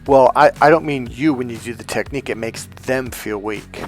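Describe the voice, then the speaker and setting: A man talking as a life coach in a loose, storytelling monologue. He gets animated, pitching up to act out the people in his stories, and swears bluntly along the way. Soft music plays faintly underneath, and his voice sits at an ordinary middle pitch. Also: moderate pace. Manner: animated, acts out quoted people in raised voices.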